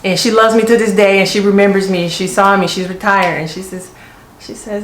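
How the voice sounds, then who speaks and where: A woman's voice: mid-range voice, steady tone, fairly quick, slight background noise. Firm middle-aged woman, echoey room. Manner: firm, storytelling, chatty. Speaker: Army senior NCO. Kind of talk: casual makeup chat.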